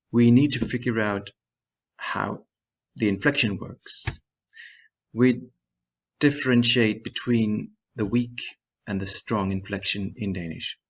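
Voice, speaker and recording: A man teaching a language grammar lesson in a measured, scripted way, reading example sentences and their translations. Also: fairly low pitch, a bit bright, husky, highs cut off. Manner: measured, reads example sentences in Danish then English.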